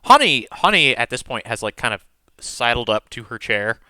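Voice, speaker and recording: A man runs a tabletop game, describing each moment loosely and with lots of fillers. His voice is bright and crisp. The sound is dry, with no room echo. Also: mid-range voice, very animated, moderate pace. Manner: rambling, filler-heavy description. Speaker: game master.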